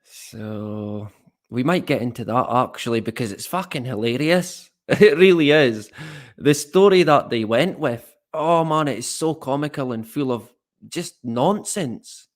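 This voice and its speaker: Male live-stream host, unhurried delivery, sardonic and rambling, casual swearing, chatting with the comments. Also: mid-range voice.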